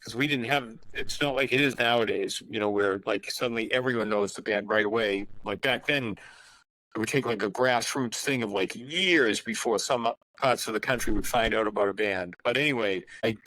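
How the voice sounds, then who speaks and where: A man's voice: fairly low pitch, moderate pace, sharp tone, dry recording, poor audio. A man in his sixties, a guest musician in a casual podcast interview, telling rambling anecdotes full of asides.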